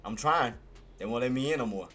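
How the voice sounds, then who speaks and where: A man giving live trading commentary on his stream. He talks excitably, repeats himself often, and swears. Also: mid-range voice, fairly quick. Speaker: day-trading livestreamer.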